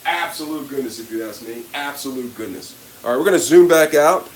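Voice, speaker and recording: A cooking channel host with a mid-range voice talks a little fast while casually demonstrating a dish, addressing viewers in a mock-serious way and repeating a catchphrase. A little hiss or hum sits under the recording.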